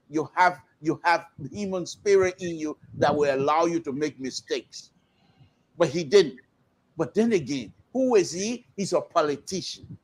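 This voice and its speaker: Animated Liberian man debating. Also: a little high, breathy edge. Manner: animated, repeats phrases for emphasis. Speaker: panel guest, liberal commentator. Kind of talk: heated political debate. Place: remote call-in to a broadcast.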